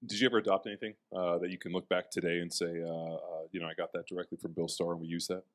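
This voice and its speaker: A man's voice: low-pitched, racing. A man hosting a podcast, chatting casually with his guest and chiming in. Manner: relaxed, chatty, interjects. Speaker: podcast host. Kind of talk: casual interview chat.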